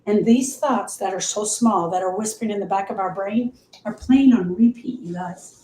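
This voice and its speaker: A woman's voice: mid-range voice, normal speed, dark tone, roomy sound, rough recording. A woman grief coach teaching on a live show, emphatic and repetitive, speaking straight to her listeners.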